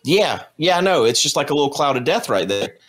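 A man's voice: fairly high pitch, sing-song, a little fast, a bit bright, slight background noise. A man chatting casually on a call, telling a long rambling story with dry, sarcastic jokes. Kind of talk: casual chat.

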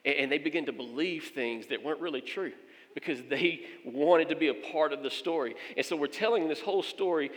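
A man's voice: on the high side, fairly quick, long reverb tail. A man, a pastor, telling a funny story during a sermon, acting out the voices of the people in it. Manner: animated storyteller, acts out quoted voices.

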